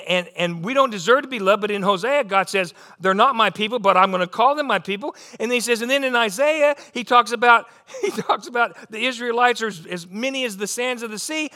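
A middle-aged man delivers an animated sermon. His voice sits high for a man and rings bright and forceful. He often stumbles into restarts and repeated words as he presses his point. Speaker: pastor.

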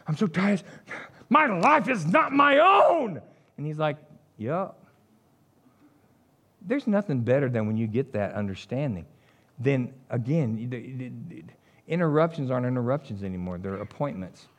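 A middle-aged man, preaching a sermon, full of animated storytelling, jokes and asides. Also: mid-range voice. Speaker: pastor.

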